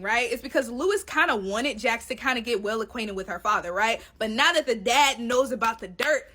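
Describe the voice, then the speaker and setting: A woman recapping a TV show in a casual reaction video, sassy and animated, calling the viewer baby and girl. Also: on the high side, quick pace. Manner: dramatic exclamations and side comments. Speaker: TV recap creator.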